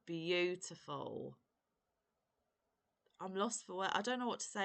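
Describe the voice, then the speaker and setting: A woman's voice: lowish voice, animated, measured pace, vocal fry, a bit bright. A woman vlogger unboxing a gift parcel, gushing and exclaiming over each item. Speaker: crochet vlogger. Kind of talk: unboxing vlog.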